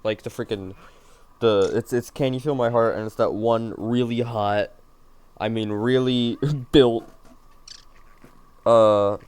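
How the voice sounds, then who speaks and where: A man's voice: medium pitch, fairly even intonation, slow pace, pauses often, a little mellow, clean tone, no room sound. A man streaming a game, rambling and joking to himself and his viewers in a tired, self-mocking way. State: yawning, tired. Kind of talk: casual gaming stream chatter.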